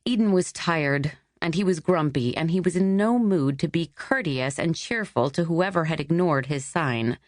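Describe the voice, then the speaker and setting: A woman with a somewhat low voice reads a romance novel aloud in scripted narration. Her telling is wry and even, recorded close and dry in a studio. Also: normal speed, hardly any pauses, no room sound. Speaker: audiobook narrator.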